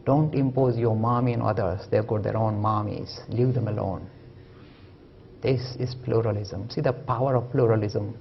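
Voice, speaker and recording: A male lecturer giving a public lecture, telling stories and jokes in an animated way and acting out the quotes. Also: lowish voice, moderate pace, gravelly, highs cut off, slight background noise. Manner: animated, joking, acts out quotes. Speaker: lecturer on religion and science. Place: lecture hall at a university.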